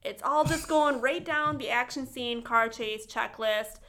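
A woman's voice: a little high, unhurried, bright, forceful tone. A woman co-hosting a podcast, animatedly recapping a film with laughter and swearing. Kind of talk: casual chat.

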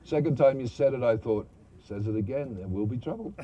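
A man's voice: mid-range voice, lively intonation, brisk, warm tone, muffled recording, natural voice. A man quoting his late mother as a prim older woman with a sweet, knowing tone. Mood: sly.

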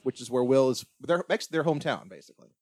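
A man co-hosts a casual film podcast, walking through the plot in a loose, meandering recap. His pitch sits right in the middle of the range, and he leans on "like" and restarts sentences as he goes. The recording is close and completely dry. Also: animated, fast talker, darkish tone, dry recording. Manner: rambling retelling full of "like" and restarts. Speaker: podcast co-host. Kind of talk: casual movie-recap chat.

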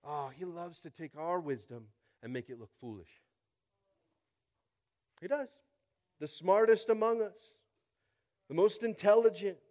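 A man preaching a sermon in an animated way, tossing out call-and-response asides and swinging from loud to hushed. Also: high voice, unhurried, long pauses. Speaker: pastor.

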